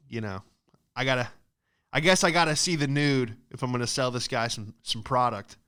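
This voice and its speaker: A man's voice: medium pitch, brisk, a bit bright, clear, resonant tone. A young man hosting his own show, rambling through self-deprecating comic stories and acting out the people in them. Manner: rambling, self-deprecating, acts out quoted voices. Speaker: podcast host. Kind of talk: comedic storytelling monologue.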